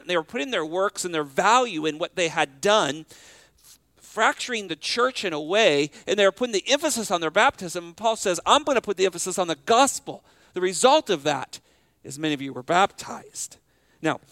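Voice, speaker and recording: High-voiced pastor preaching with slow emphasis. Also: male voice, animated, a bit bright, no room sound. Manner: emphatic, slows down to stress key phrases, repeats words when restarting. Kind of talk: sermon.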